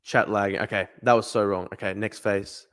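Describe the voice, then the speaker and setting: A man's voice: lowish voice, level tone, brisk, fairly bright tone. Australian man swearing through a live stream. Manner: swears often, thinks aloud, talks to chat. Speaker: livestreamer. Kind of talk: casual live-stream commentary.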